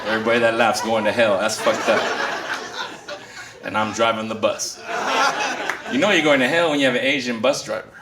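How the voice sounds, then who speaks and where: A man in his fifties from the Philippines doing a profane stand-up set, laughing at his own jokes in front of a loud audience. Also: mid-range voice, steady tone, brisk, pauses often, reverberant, heavy background noise. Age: 50s. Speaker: stand-up comedian. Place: casino stage before a live audience. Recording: stage mic heard from a distance, loud crowd and music. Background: laughing crowd and music.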